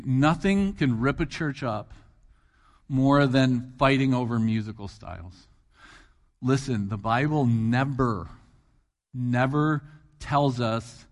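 A man's voice: mid-range voice, long reverb tail. A middle-aged man preaching a sermon as guest preacher, talking in a conversational way, asking the congregation questions and repeating phrases for emphasis. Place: church hall.

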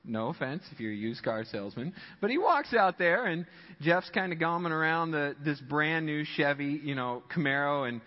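A male pastor delivering a sermon with animated storytelling and frequent laughter. His fairly high voice swings widely in pitch. The recording is dull and rings with long church reverb. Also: moderate pace. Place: church sanctuary.

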